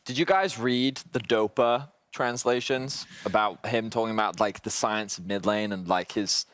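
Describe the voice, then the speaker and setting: A man's voice: fairly low pitch, moderate pace, fairly bright tone, dry recording. A young man from Wales casting esports in a casual, chatty way, giggling and filling gaps with ums. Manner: giggly, chatty, lots of fillers. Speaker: esports caster. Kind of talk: casual commentary.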